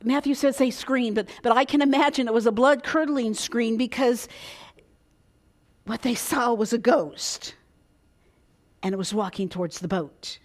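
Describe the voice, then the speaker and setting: A woman's voice: a little high, a little slow, long pauses. A woman preaching a sermon, dramatic, dropping to a whisper and rising for emphasis.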